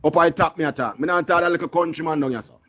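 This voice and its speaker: Jamaican man, slightly high voice, insistent patois arguer on a group call. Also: very fast, a bit bright. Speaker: caller on a live political chat. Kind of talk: heated political argument.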